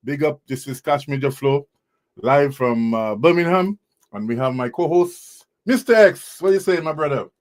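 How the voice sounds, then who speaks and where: Energetic man hosting a show. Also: a little high, moderate pace. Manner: energetic, hypes artists, laughs often. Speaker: show host. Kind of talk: lively live show hosting. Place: studio.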